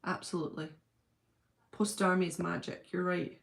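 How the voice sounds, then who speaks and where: A woman's voice: on the low side, steady tone, moderate pace, creaky. Chatty woman hosting a home livestream. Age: adult with a husband and school-age children. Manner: chatty, gushing, thinks aloud with many fillers. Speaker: livestream host reading viewer comments. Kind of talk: casual live-chat.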